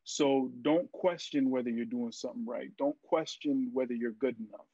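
A young man and actor, a podcast guest, telling stories in a casual interview, lively and full of fillers as he acts out what people said. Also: mid-range voice, normal speed, breathy edge, no echo. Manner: animated storyteller, acts out quotes, many fillers. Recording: dry, muffled lo-fi sound.

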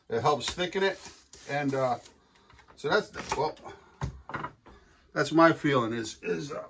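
An older man with a slightly high voice chats casually while he cooks. He rambles in a folksy way, trailing off and restarting his thoughts. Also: fairly bright tone, a little hiss or hum. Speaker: cooking show host. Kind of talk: casual cooking demonstration.

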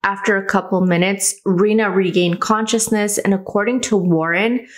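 A woman's voice: mid-range voice, steady tone, moderate pace. A woman hosting a true crime channel, earnestly retelling a case and adding her own comments. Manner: earnest, adds personal comments.

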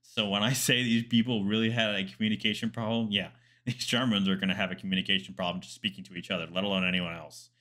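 A man's voice: on the low side, fairly even intonation, fast, bright, forceful tone. A man, a military historian, commenting casually on a documentary, chatty and digressive with asides and fillers.

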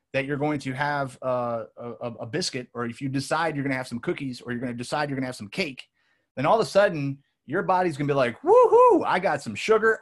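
A man giving an energetic talk to a live audience, telling stories with acted-out quotes and lots of restarts. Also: mid-range voice. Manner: animated storytelling with acted-out quotes and many restarts. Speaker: weight loss coach presenter.

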